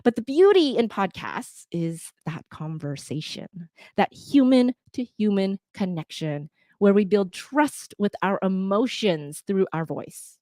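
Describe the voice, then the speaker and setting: A woman from Canada with a North American accent, a podcast editor talking to listeners in a lively, conversational way with fillers. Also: medium pitch, unhurried, dry recording, studio quality. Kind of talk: talk to listeners.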